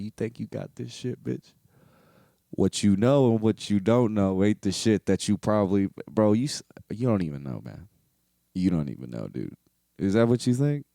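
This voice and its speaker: A man's voice: fairly low pitch, no echo, clean studio sound. A man hosting a podcast, rambling through a casual comedic monologue full of swearing and filler words. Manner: profane, animated, heavy on filler words. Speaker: podcast host.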